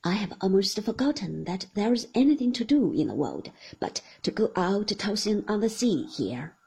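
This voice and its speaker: A woman reading the lines of a charming, restless young gentleman with a gay, offhand manner. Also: mid-range voice, very animated, moderate pace, vocal fry, breathy edge, exaggerated voice. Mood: breezy.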